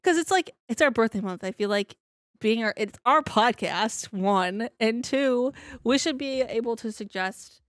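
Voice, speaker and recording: A woman's voice: fairly high pitch, lively intonation, unhurried, no room sound, studio quality. Giggly congested young woman. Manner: giggly, laughs often. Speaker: podcast co-host. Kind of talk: casual chat.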